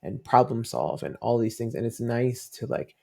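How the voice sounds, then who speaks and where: A man's voice: medium pitch, expressive, normal speed, gravelly, darkish tone. A man who is a father, guest on a fan podcast, telling stories in a rambling, casual way with many fillers and restarts. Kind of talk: casual interview chat.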